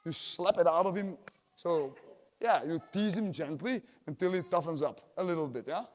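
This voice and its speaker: A man's voice: a little high, normal speed, long reverb tail. A man teaching a jiu-jitsu class, a chatty coach who peppers his points with "yeah?" and acts out little exchanges with students. His first language is Dutch. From Belgium. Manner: talkative, tags lines with "yeah?", acts out quotes. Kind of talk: teaching a class, casual explanation.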